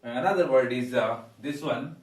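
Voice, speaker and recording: Indian english teacher guy at a whiteboard, lots of uhs, says words over slowly, echoey room, mic kinda far off. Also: medium pitch. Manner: halting, frequent "uh", repeats words slowly and deliberately. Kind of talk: whiteboard pronunciation lesson. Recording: roomy echo, mic at a distance.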